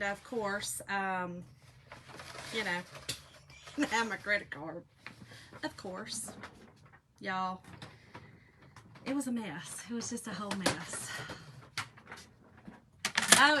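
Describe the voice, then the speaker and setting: A woman's voice: on the high side, noisy background. A woman hosting a chatty crafting live stream, rambling and laughing as she talks to her viewers while she works. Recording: clicking noises in the background.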